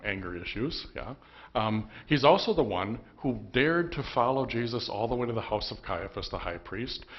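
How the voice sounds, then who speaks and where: A man's voice: on the low side, lo-fi sound. A man preaching a sermon as pastor, telling the story conversationally with emphatic bursts. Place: church.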